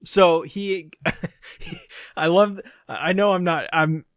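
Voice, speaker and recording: A man's voice: high voice, fairly even intonation, slow pace, a bit bright, no echo, studio quality. A man co-hosting a podcast, chatting casually and laughing often. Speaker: podcast co-host. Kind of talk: casual chat.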